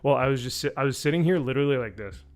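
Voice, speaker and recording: A man in a casual live-stream review, talking in a sarcastic, animated way with many fillers. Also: racing. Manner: animated, sarcastic, many fillers, mimics people with high voices. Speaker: YouTube reviewer.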